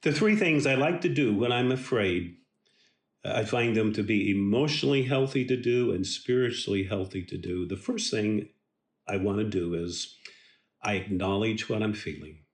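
A man giving a devotional Bible teaching in a slow, emphatic and earnest way. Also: fairly low pitch, roomy sound.

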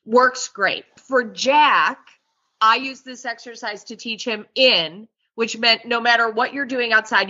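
Bright-voiced woman dog trainer. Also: on the high side, unhurried, muffled recording. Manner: animated, acts out dog and owner voices. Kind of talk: casual podcast chat.

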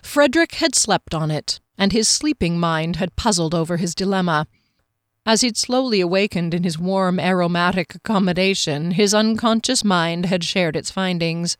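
A woman's voice: lowish voice, moderate pace, no room sound, clean studio sound. A woman chatting casually with listeners and then reading her own novel aloud. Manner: chatty and amused, laughs easily. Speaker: author and podcast narrator.

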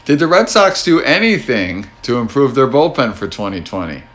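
A man's voice: medium pitch, very animated, normal speed, fairly bright tone, faint music behind. A man with a New Jersey accent hosting a casual sports podcast, talking in a wry, teasing, easygoing way. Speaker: podcast host.

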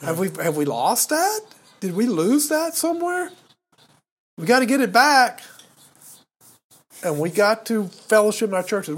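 Older man, husky, preachy podcast commentary, pitch swinging up and down, emphatic. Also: sing-song, measured pace, long pauses, fairly bright tone. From United States. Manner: emphatic, exhorting, repeats words when heated. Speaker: podcast co-host.

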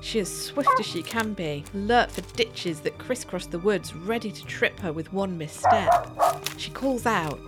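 A woman narrating a scripted story podcast in a measured, atmospheric way, with music under her voice. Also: medium pitch, lively intonation.

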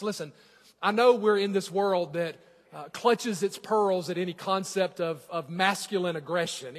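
Male pastor, forties, high voice, sermon delivery with big dynamic swings, reverberant sanctuary. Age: 40s. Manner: swings from quiet asides to loud, stretched scripture reading. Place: church sanctuary. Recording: long church reverb.

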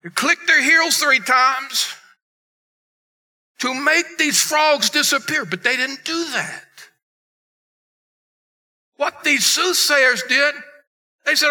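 A pastor delivers an emphatic sermon, his voice very high and strikingly bright. He swings between loud bursts and quiet, low passages. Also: slow pace, pauses often.

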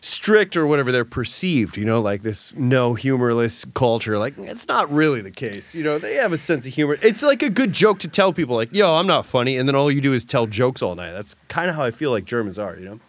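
A man in casual podcast chat, animated and slangy, laughing through his stories. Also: medium pitch, fairly quick, few pauses.

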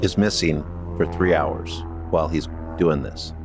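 A man's voice: extremely low pitch, a little slow, music in the background. A man co-hosting a casual podcast, explaining the research with dry humor. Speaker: podcast co-host presenting the research.

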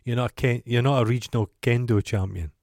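A man's voice: medium pitch, fairly even intonation, fast, creaky, darkish tone, dry recording, clean studio sound. Wry, crude Scottish man. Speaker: podcast co-host. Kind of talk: casual film review chat.

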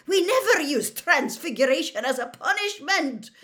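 A woman voicing a stern, easily shocked older female professor in a storybook reading, high and shrill in delivery. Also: expressive, normal speed, a bit bright.

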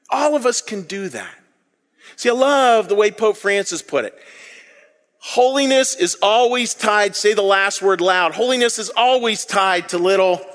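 High-voiced man preaching in a reverberant hall. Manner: animated, conversational preaching with sudden loud bursts and hushed dips. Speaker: pastor. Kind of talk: sermon.

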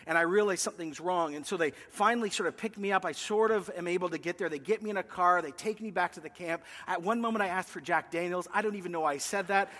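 A man preaching a sermon to a live congregation, telling a personal story in an animated way and acting out the voices of the people in it. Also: sits high. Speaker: pastor. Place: church hall with a live congregation. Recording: long hall reverb.

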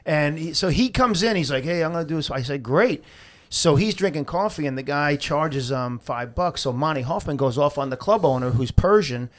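A man's voice: fairly high pitch, normal speed. A man telling a long comedy-club story on a podcast, swearing often and acting out what others said. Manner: animated, acts out quotes loudly, swears often. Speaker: comedian guest.

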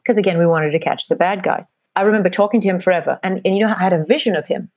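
Talking rapid-fire in a lowish, slightly mellow voice, a middle-aged woman guest with a blend of British and American accent rambles reflectively through stories in a conversational interview; she works as a marketing strategist. The recording has no echo, and its highs are cut off.

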